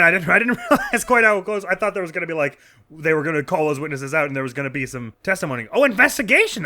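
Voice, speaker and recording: A man's voice: a little high, bright, forceful tone. A man hosting a let's play, chatting casually about the game between reading its characters. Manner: chatty, reads all the voices. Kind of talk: casual gameplay commentary.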